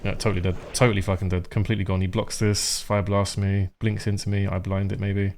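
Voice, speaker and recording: Low-voiced man streaming casually. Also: level tone, quick pace, a little mellow, a little hiss or hum. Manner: casual, frequent swearing, rambling. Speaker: game streamer. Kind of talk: casual live-stream commentary.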